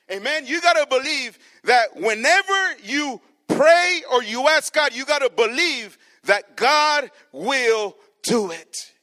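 A man's voice: extremely high pitch, bright, forceful tone. A male preacher delivering a sermon. He reads scripture aloud, stretches key words for emphasis, and keeps calling out questions to the congregation.

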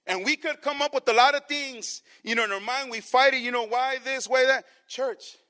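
A man's voice: very high-pitched, steady tone, normal speed, sharp tone. A male preacher delivering a sermon. He reads scripture aloud, stretches key words for emphasis, and keeps calling out questions to the congregation.

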